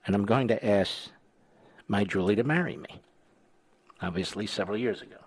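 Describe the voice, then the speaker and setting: Speaking at normal speed in a lowish voice with a breathy edge, a sixty-something talk radio host sounds dry and echo-free in the studio. His casual talk mixes lively stories with deadpan wisecracks.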